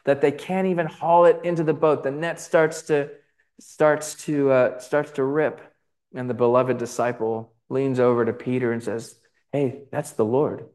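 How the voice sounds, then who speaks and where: A man's voice: medium pitch, steady tone, normal speed, a little mellow. A man giving a conversational lecture on gospel icons, full of fillers, restarts and asides. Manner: conversational, many fillers and restarts, checks in with "right?". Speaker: Bible teacher.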